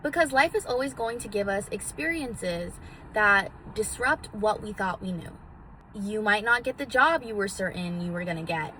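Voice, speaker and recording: A woman's voice: mid-range voice, animated, normal speed, sharp tone, a little hiss or hum. A woman vlogging casually from a parked car into a phone, theatrical and swearing freely as she gives self-help advice. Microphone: phone on a magnetic mount.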